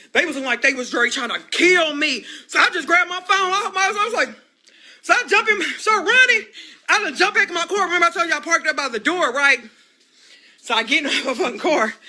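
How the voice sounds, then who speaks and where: A woman with an American accent telling a story on a live stream, excitable and profane, often shouting and laughing. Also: sits high.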